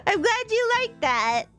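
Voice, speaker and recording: A young woman streaming and chatting casually with viewers in an animated way, laughing often. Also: very high voice. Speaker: vtuber streamer. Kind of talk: casual livestream chat.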